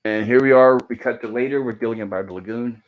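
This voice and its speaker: A man's voice: medium pitch, quick pace, phone-quality sound. Man casually recapping an old sitcom. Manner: loose and apologetic, with frequent fillers and self-corrections. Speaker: host reviewing episodes of an old TV sitcom. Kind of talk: casual episode recap over slides.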